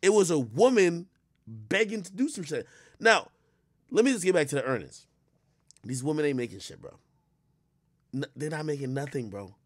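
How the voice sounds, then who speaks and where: A man's voice: fairly high pitch, big pitch swings, moderate pace, pauses often, dry recording, studio quality. A man giving blunt, profane commentary in a rambling, storytelling way while reacting to a clip.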